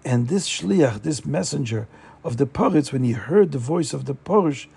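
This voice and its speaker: Guy telling a story all casual, lots of fillers, raspy husky voice. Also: mid-range voice, lively intonation, a little slow, a little mellow. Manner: chatty, with frequent fillers and restarts.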